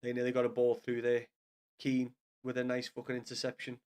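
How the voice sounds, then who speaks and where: A man's voice: medium pitch, monotone, fairly quick, darkish tone, smooth. A man with a Scouse accent giving sweary, frustrated live commentary to viewers as he watches a football match from a small home studio. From Liverpool, England.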